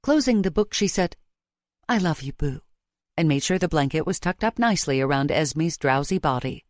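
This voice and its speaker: A woman reading a romance audiobook in a measured, emotive way, close to the microphone. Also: low-pitched, lively intonation, no echo. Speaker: audiobook narrator. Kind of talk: scripted romance narration. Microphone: close studio mic.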